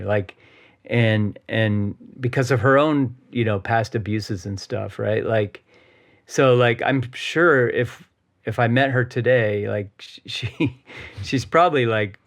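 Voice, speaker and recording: A man co-hosting a podcast, talking casually and rambling, with lots of fillers and little checks for agreement. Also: mid-range voice. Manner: rambling, loaded with fillers like "you know" and "right". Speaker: podcast co-host. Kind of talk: casual personal conversation.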